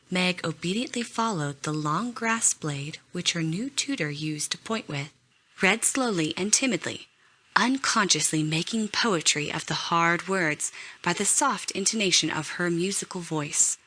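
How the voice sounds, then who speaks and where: A woman narrating a classic novel in a measured, expressive way. Her voice is bright and a touch low. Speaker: audiobook narrator. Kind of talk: scripted narration.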